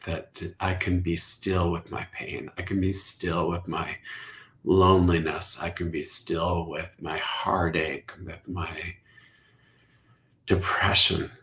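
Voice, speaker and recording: A middle-aged man, a Zen teacher, speaking softly and contemplatively as a podcast guest, sometimes dropping to a whisper. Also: sits low. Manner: slow, soft-spoken and contemplative, drifting into whispers. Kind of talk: reflective podcast conversation.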